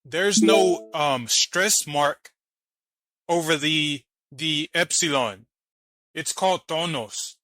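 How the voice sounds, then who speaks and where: A man's voice: a little high, slow pace, sharp tone, dry recording, poor audio. A man hosting a reaction video, arguing and mocking while he explains letter by letter. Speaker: channel host reacting to a debate clip. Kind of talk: argumentative commentary.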